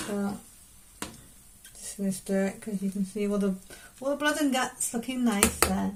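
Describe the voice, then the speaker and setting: A woman's voice: medium pitch, normal speed, noisy background. A woman chatting casually as she films a cooking video in her home kitchen, rambling into self-deprecating asides. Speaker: vlogger.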